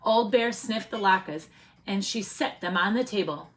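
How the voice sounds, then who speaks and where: A woman teacher reading a picture book aloud to children, expressive and often asking the listeners questions. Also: medium pitch, measured pace.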